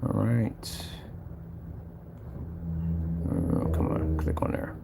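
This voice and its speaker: A man's voice: sits low, drawn-out words, gravelly, heavy background noise. A man giving casual screen-share commentary about his own product, mocking and exasperated, repeating his points as he clicks through a website. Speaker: company owner showing his product site.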